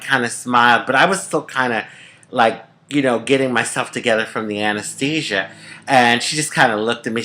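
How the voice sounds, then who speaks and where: A middle-aged woman from the United States telling a personal story to camera in a chatty, expressive way, often calling the listener honey. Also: rumbling low. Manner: chatty and expressive, calls viewers honey, swoops up for emphasis. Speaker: vlogger.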